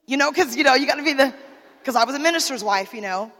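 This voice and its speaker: A woman's voice: high voice, fast, a bit bright. A woman giving an emotional sermon testimony as a minister's wife, talking straight to the listeners. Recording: long hall reverb.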